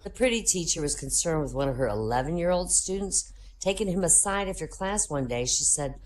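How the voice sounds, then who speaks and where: A woman's voice: sits low, brisk, a little hiss or hum. A woman hosting a comedy show, telling jokes and giving the characters their own voices. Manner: lively joke-telling, voices characters in quotes.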